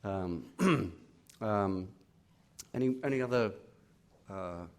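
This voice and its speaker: A middle-aged Englishman, a literary critic answering audience questions at a live reading, full of pauses and restarts. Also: lowish voice. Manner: hesitant, many fillers and restarts. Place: auditorium.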